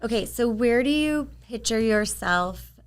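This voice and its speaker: A woman's voice: on the high side, animated, measured pace, smooth. A woman hosting a podcast interview, encouraging her guest with frequent short affirmations. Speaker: podcast host. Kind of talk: casual interview chat.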